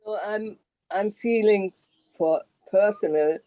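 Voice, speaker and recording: A woman calling in to a live show over a video call, talking casually with hesitant, halting phrasing. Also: medium pitch, mellow, dry recording, rough recording. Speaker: viewer calling in.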